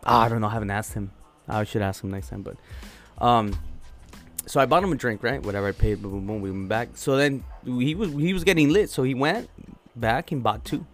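A man telling a crude story in casual chat, rambling and profane, loudly acting out what people said. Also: medium pitch, a little fast, soft background music. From Zacatecas, Mexico family roots. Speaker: podcast co-host.

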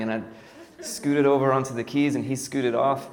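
In a church hall with reverb and faint ambient noise, a thirty-something worship pastor casually tells his story, leaning on fillers and self-deprecating asides. His mid-range voice is flat in delivery and fairly quick.

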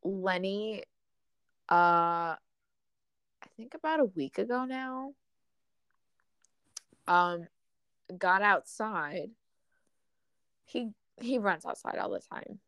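A young woman in casual chat, telling a story in a relaxed way with lots of fillers. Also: medium pitch, takes it slowly, pauses often, smooth, no room sound.

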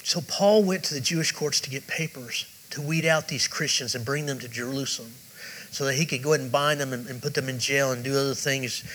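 A man's voice: mid-range voice, fairly quick, fairly bright tone, poor audio. Male pastor preaching, keeps asking the church questions, repeats himself for emphasis. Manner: emphatic, repetitive preaching with direct questions to the congregation. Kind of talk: sermon.

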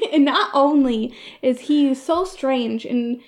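A woman's voice: high voice, slow. A woman co-hosting a casual podcast chat, giggling often and rambling with frequent restarts. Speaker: podcast co-host.

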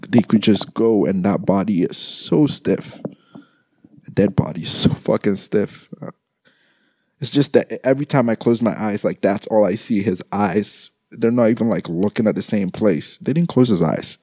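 A young man talks to his listeners in a slow, halting way, stumbling over and repeating words. His voice sits very low and mellow. The sound is dry, with no room around it. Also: husky, dry recording. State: grieving, subdued. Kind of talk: grieving personal monologue.

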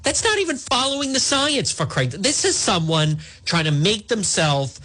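A man hosting a talk radio show, delivering a combative, animated monologue full of asides and restarts, with a husky voice. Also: sits high, moderate pace.

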